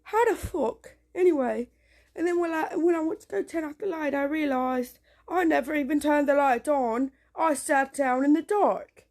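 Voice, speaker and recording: A woman talks to her camera from a dark room at home, her voice sitting a little high. She rambles with restarts and swears often, jumpy and on edge. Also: normal speed. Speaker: vlogger. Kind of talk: casual home vlog.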